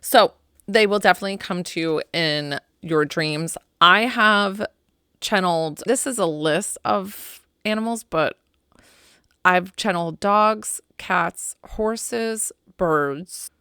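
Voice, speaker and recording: A middle-aged woman hosting a podcast as a pet psychic, telling stories in a chatty, animated, heartfelt way full of "like"s. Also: mid-range voice, takes it slowly, smooth, no room sound, clean studio sound. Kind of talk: casual heartfelt storytelling.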